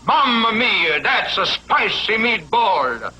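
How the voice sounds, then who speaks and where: A man's voice: sits high, sing-song, slow pace, over loud music, full character voice. An actor playing a man in an old commercial, speaking with an exaggerated Italian accent. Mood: hammy. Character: male actor in an old commercial flubbing his line. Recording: noisy old TV audio.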